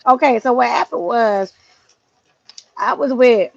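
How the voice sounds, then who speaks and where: A woman hosting a livestream, telling a story in a casual, slangy, animated way. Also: on the high side, a little slow, vocal fry, dry recording, dull audio. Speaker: livestream host. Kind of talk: casual chat.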